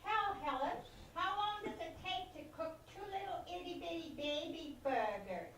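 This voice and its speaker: An actress playing a loud, impatient small-town diner customer, in an amateur stage play. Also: female voice, extremely high pitch, expressive, normal speed, a little hiss or hum. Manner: brash, demanding. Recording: very echoey stage heard from far off.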